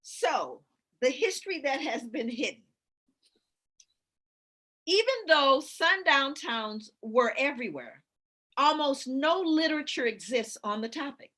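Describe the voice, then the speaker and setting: A middle-aged woman speaker and educator in lively conversational talk, telling stories with frequent laughter and reading aloud from books with emphasis. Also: high voice, a little slow, long pauses. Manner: animated storyteller who laughs often.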